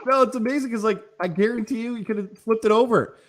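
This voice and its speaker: A man's voice: very high voice, fast talker. A male podcast co-host talking sports in a chatty, upbeat way. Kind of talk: casual sports chat with ad reads.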